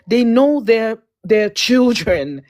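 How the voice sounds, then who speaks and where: Slow preachy woman host giving advice, leans hard on words. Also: a little high, very animated, a little mellow. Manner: emphatic and preachy, rising on key words. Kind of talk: supportive counseling on a livestream.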